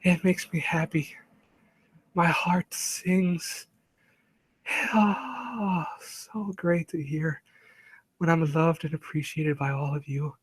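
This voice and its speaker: A man putting on a gushing, adoring, soft-spoken persona, slow, breathy and sugary. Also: on the high side, dry recording, voice pushed up.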